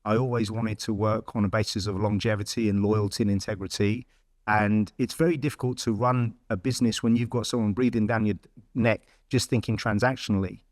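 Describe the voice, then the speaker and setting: A man's voice: lowish voice, a little fast, dry recording, clean studio sound. A middle-aged man frankly telling his career story in a casual interview. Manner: blunt, frank, lively retelling with quoted dialogue. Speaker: podcast guest.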